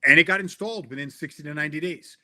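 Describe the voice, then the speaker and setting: A middle-aged man with a fairly high, bright and forceful voice talks as a guest in a casual interview. He is earnest and emphatic and often stumbles and restarts mid-sentence as he makes his point. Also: racing. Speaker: interview guest, tech sales veteran.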